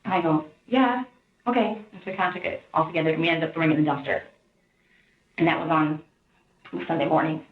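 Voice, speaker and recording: A woman recounting events in a rambling, halting way, often quoting others in a raised voice, heard on distant interview-room audio. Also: low voice, steady tone, roomy sound, narrow, tinny audio. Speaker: interviewee in police interrogation footage.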